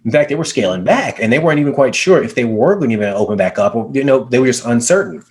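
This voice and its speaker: A man, a business coach, telling a story in conversation, energetic and emphatic, repeating words for effect. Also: medium pitch, fast talker. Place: video call.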